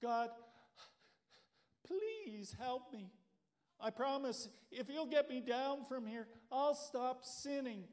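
Pastor doing a frantic man yelling from a cliff. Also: expressive, slow, exaggerated voice. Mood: pleading. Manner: frantic, high-pitched yelling. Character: panicked man hanging from a cliff.

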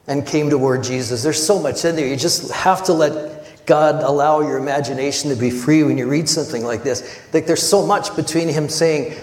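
Earnest preacher in an echoey hall. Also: male voice, on the high side, moderate pace. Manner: earnest, conversational, with animated retellings. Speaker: pastor. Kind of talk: sermon. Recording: echoey hall with long reverb.

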